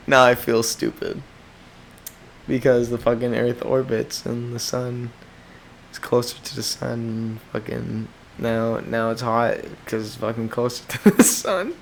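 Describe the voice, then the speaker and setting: A young man hosting a solo podcast, rambling and swearing as he rants into a desk microphone in a small room. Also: mid-range voice. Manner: profane, rambling, animated rants. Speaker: podcast host.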